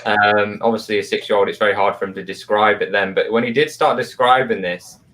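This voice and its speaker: A man's voice: on the low side, steady tone, fairly quick, a bit bright. A man co-hosting a live paranormal chat show, telling a story in a rambling way with lots of fillers, on a video call. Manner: rambling, many fillers and restarts.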